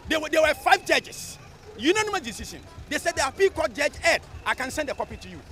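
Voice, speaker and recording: Ghanaian man, street interviewee: high-pitched, lively, emphatic delivery outdoors, faint music underneath. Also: fast talker. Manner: animated, emphatic, mixing English with local speech.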